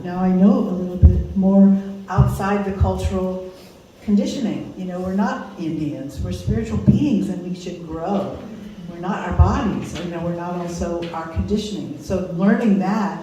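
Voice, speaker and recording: A woman's voice: fairly low pitch, moderate pace, dark tone, slight background noise. An older woman giving an informal, conversational teaching talk to a small group, laughing often as she speaks. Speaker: course teacher. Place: conference room. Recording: echoey room, mic far off.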